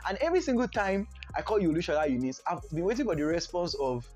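A man's voice: sits high, very animated, quick pace, darkish tone, faint music behind. A man hosting a casual podcast chat, laughing often and teasing his guest. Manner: giggly, apologetic, teasing. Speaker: podcast host.

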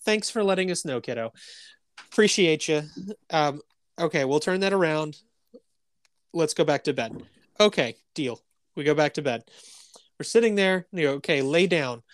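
A man in his thirties co-hosting a podcast, telling animated stories in casual chat, swearing often and laughing between lines. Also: a little high, normal speed, long pauses, no room sound. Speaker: podcast co-host.

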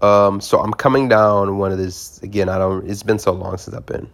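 A man's voice: lowish voice, level tone, moderate pace, gravelly. A young man casually telling a rambling, profane story as a podcast host, often laughing and circling back on himself.

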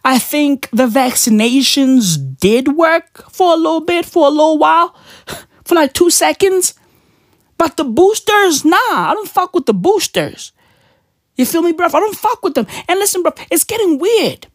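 A woman's voice: sits high, expressive, normal speed, no room sound, clean studio sound. A woman ranting in a profane, mocking and indignant monologue, constantly asking her listeners "right?". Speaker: commentator.

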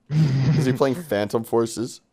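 A man's voice: mid-range voice, dark tone, husky. A man co-hosting a casual podcast with friends, blunt and teasing, laughing often. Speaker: podcast co-host. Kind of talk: casual joking chat among friends.

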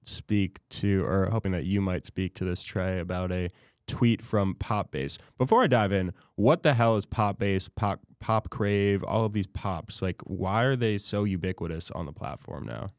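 A male podcast host with a somewhat low voice, talking at length in a casual, wry way and tossing in self-aware asides. The recording is close and dry. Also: moderate pace, no room sound. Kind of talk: casual chat.

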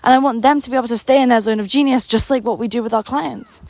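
A young woman coaching business owners in an unscripted pep talk, her voice pitched a touch high and sounding dry and close. She talks with eager enthusiasm, slightly out of breath, leaning on repeated words to stress a point. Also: steady tone, fast talker, a little mellow, dry recording. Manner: enthusiastic, speaks from the heart, repeats words for emphasis. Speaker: business coach and company founder.

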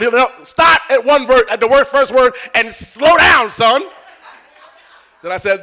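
High-pitched, animated preacher man. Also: measured pace, shouting. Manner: animated, joking, coaxing the congregation. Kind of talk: live sermon.

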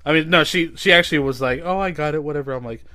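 A man's voice: fairly high pitch, quick pace, sharp tone, no room sound, studio quality. A man hosting a podcast, telling a long story in casual chat, full of fillers and swearing. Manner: rambling, heavy on "like" and swearing. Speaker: podcast host.

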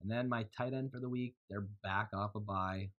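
A man casually talking through his fantasy football picks on a podcast, loose and quick to laugh. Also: on the low side, fairly even intonation, a bit bright, dull audio. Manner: laughs easily, loose and joking. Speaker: podcast co-host.

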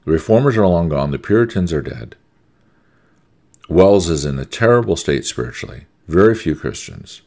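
Male preacher, American, middle-aged, very low voice, swings up and down a lot, emphatic conversational sermon. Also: very animated, normal speed, gravelly, a little mellow. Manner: emphatic, conversational, repeats words for stress.

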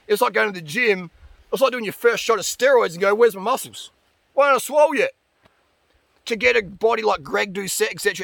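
A man's voice: sits high, vocal fry, pushed and bright, no room sound. A man ranting bluntly and profanely about dieting as a vlogger. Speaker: diet and fitness vlogger. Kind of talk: ranting monologue.

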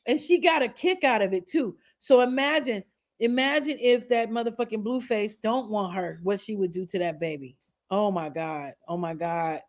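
A woman's voice: medium pitch, normal speed. A woman giving reaction commentary in an outraged, profane, emphatic way.

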